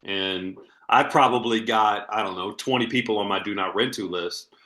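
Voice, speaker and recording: A man hosting a marketing call, talking through business points in a relaxed way with examples. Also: fairly low pitch, normal speed, echoey room. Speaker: marketing host. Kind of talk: casual business chat on a video call.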